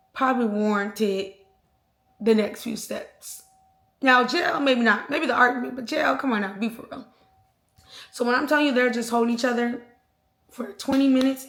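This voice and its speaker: A young adult woman vlogger telling an animated, slangy storytime with sound effects. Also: on the high side. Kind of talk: storytime vlog. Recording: roomy echo.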